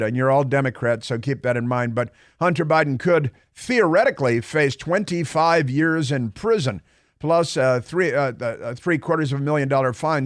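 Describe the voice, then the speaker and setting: A man's voice: medium pitch, no echo, studio quality. Sarcastic male talk radio host. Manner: sarcastic, rambling, many fillers and restarts. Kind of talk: political talk radio monologue.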